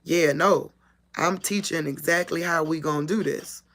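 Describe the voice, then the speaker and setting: A woman's voice: deep voice, moderate pace, fairly bright tone. A woman preaching in an informal monologue, emphatic and repetitive, speaking straight to her listeners. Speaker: spiritual teacher.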